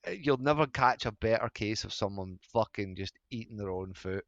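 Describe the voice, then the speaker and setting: A man's voice: lowish voice, moderate pace, dry recording, dull audio. Sweary Scottish man, dry close sound. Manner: sweary, laughs a lot, acts out quotes. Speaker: podcast co-host. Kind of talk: casual chat.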